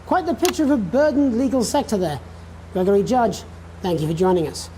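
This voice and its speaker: An actress playing a polite, earnest news anchor with a polished manner. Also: female voice, mid-range voice, fairly quick, mellow, slight background noise, close to an everyday voice. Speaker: news presenter.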